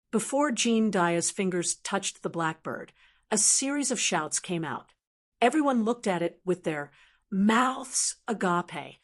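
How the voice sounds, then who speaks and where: A woman reads a fantasy novel aloud in scripted audiobook narration. Her delivery is slow and even, at a middle pitch. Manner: even, measured storytelling.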